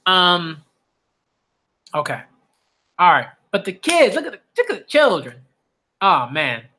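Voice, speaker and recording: An excitable man reacting live to a manga chapter, his voice bright and forward. He talks in slang and repeats his favorite lines over and over. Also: sits high, a little slow, slight background noise. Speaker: manga reviewer.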